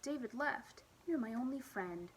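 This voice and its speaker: A woman's voice: a little high, lively intonation, a little slow, a little hiss or hum. A woman voicing an upset young child who names their feelings, with slightly raised, childlike emphasis.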